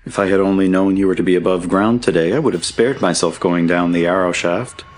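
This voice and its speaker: A man's voice: deep voice, fairly even intonation, fairly quick, lightly acted. A man reading an audiobook, voicing a cheerful young male Scottish miner turned farmhand in a hearty, merry way. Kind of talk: audiobook character voice.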